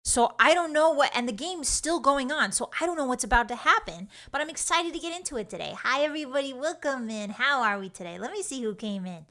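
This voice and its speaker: A woman's voice: sits high, animated, a little fast, hardly any pauses, pushed and bright. A young woman streaming a game, chatting with her viewers in a playful, teasing way. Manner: playful, teasing, bubbly greetings. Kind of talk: casual stream chat.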